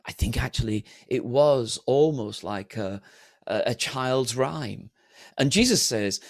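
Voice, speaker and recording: A man preaching a sermon to an online congregation, animated and humorous, slipping into flat mock-bored voices. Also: mid-range voice, slow pace, gravelly. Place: streamed church service.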